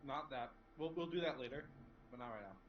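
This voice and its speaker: A man's voice: mid-range voice, a little fast, highs cut off, soft background music. A young man casually guiding a friend through a game over voice chat. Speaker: co-player on voice chat. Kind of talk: gaming voice chat. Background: game noise.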